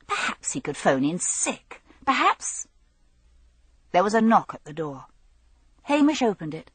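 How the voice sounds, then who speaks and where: A woman narrating an audiobook mystery in an expressive storytelling manner. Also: mid-range voice, dry recording. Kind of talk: scripted narration.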